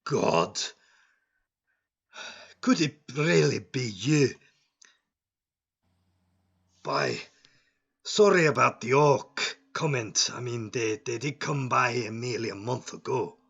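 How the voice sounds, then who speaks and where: A man voicing a jovial male dwarf guard who shouts from a wall and then greets an old friend heartily. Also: mid-range voice, expressive, slow, creaky, slightly rough, exaggerated voice. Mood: relieved. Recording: dull lo-fi sound.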